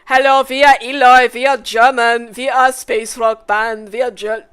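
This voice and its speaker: A woman putting on a loud mock German man, shouting in broken English. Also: on the high side, steady tone, moderate pace, clear, resonant tone, lightly acted.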